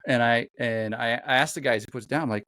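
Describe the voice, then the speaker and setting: A man's voice: mid-range voice, quick pace, sharp tone, no echo. A man hosting a podcast, chatting casually and telling a long rambling story. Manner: rambling storyteller, lots of fillers and restarts. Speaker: podcast host. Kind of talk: casual chat.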